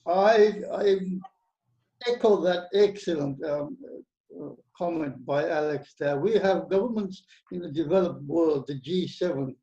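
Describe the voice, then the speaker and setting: Mellow-voiced guy on a call, formal, dull echoey audio. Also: a little high. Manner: formal, ends turn with "I'm complete". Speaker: participant. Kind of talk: video call discussion.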